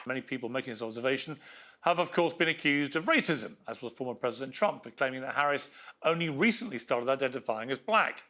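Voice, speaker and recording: Bright-voiced male TV host. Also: medium pitch, animated, quick pace, some chatter behind, a little hiss or hum. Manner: reading scripted lines, then questioning. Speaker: TV talk show host. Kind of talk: interviewing a guest.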